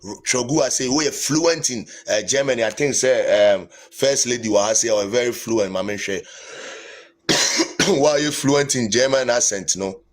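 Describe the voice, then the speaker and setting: A man's voice: medium pitch, moderate pace. A man with a Ghanaian accent hosting a live stream, speaking in an indignant, pleading way and switching between English and Twi. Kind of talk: impassioned live stream talk.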